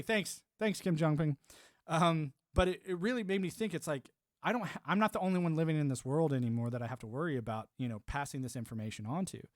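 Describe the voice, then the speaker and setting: A man's voice: a little high, dry recording, clean studio sound. A man in his forties ranting on a live stream, rambling and swearing, with lots of "you know". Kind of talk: ranting monologue.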